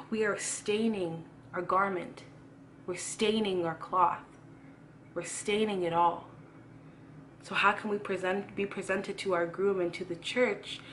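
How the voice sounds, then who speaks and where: A woman's voice: medium pitch, a bit bright, a little hiss or hum. A young woman giving a casual sermon, earnest and preachy, repeating phrases for emphasis. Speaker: youth Christian vlogger preaching.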